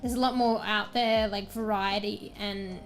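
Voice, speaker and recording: A woman's voice: medium pitch, steady tone, a little slow, soft background music. Rambling young Australian woman streamer. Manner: rambling, filler-heavy, chatty. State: slightly losing her voice, clearing her throat. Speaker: livestreamer. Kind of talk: casual chat with stream viewers. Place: small room at home.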